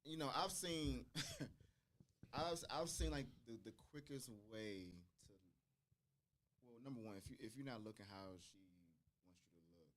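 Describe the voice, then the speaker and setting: A man in casual talk-show chat, speaking haltingly with many restarts. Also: mid-range voice, fairly bright tone. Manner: halting, restarts a lot, measured. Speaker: podcast co-host.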